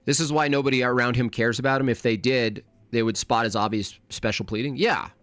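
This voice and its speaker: A man's voice: medium pitch, a little fast, fairly bright tone, dry recording. A man hosting a live reaction stream, his talk combative and openly scornful. He slips into silly mimicking voices to mock the people he argues against. The sound is dry and close, with no room around it.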